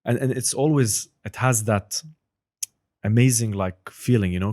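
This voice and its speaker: Lower-pitched man, guest in a loose, rambling chat. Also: measured pace. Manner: rambling, many restarts, lively when demonstrating. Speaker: podcast host, guest. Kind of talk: casual interview chat.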